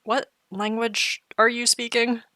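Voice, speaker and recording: A woman's voice: on the high side, flat delivery, slow pace, bright, forceful tone, dry recording, pitched above the performer's own voice. A woman voicing a sassy, bewildered ten-year-old boy hero in a fantasy game, talking in a flustered, exasperated way. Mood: confused.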